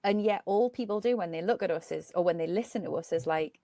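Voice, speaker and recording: A woman's voice: fairly low pitch, fast, dark tone, dry recording, studio quality. A woman with a Northumbrian accent, a podcast guest talking with emphatic passion in casual conversation. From Northumberland, North East England. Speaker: interview guest.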